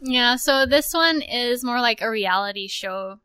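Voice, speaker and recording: A woman co-hosting a podcast, chatting in a relaxed, agreeable way and explaining things. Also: a little high, measured pace, clear, resonant tone, no echo. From Southern California. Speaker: podcast co-host. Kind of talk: casual chat.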